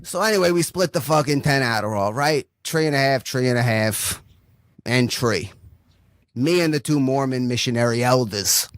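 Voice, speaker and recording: A young adult man performs a rambling stand-up set, swearing constantly and asking "right?" again and again. His voice is mid-range at a normal speed, and there's no room sound.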